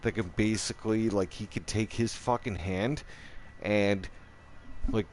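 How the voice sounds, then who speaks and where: A man hosting his own channel, telling a rough story in casual chat. He swears a lot, rambles, restarts his sentences and keeps checking in with "right?". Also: fairly low pitch, slight background noise.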